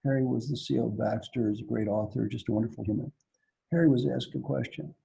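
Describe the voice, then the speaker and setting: A man's voice: mid-range voice, quick pace, creaky, breathy edge, rough recording. A man coaching leaders in an online Q&A, acting out characters as he tells stories. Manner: animated storyteller, acts out characters. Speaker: executive coach. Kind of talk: storytelling Q&A talk.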